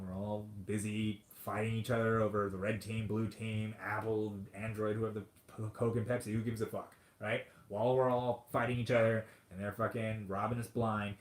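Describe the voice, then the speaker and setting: Guy ranting on his podcast, lots of swearing, sarcastic, echoey room. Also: fairly low pitch. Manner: profane, sarcastic, swings from muttering to loud outbursts. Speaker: podcast host. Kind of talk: comedic ranting monologue. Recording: roomy echo.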